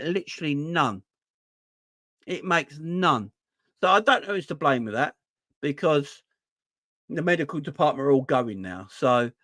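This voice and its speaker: On a casual livestream for his fan channel, a young London-accented man talks emphatically, repeats his points, and poses rhetorical questions to viewers. His voice is medium in pitch and fairly bright, captured in studio quality with no echo.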